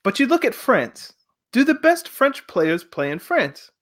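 A man in casual football chat with a co-host, animated and arguing his point through rhetorical questions. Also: extremely high pitch, unhurried. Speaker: podcast co-host.

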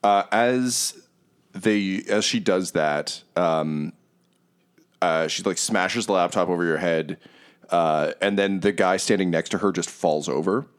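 Here is a man with a low, deep voice, narrating as game master for a tabletop role-playing session. He talks casually and hesitantly, filling his sentences with ums and uhs as he describes the scene. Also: measured pace, clear, resonant tone.

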